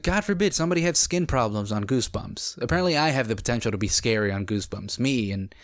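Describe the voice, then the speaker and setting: A man's voice: medium pitch, animated, quick pace, over loud music. A man giving sarcastic, profane comedic commentary while reviewing a show. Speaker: video reviewer.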